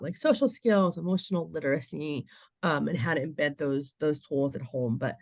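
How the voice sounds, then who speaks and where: A woman's voice: low voice, dry recording. A woman behavior analyst giving a conversational presentation to parents, often checking in with her listeners and laughing lightly between points.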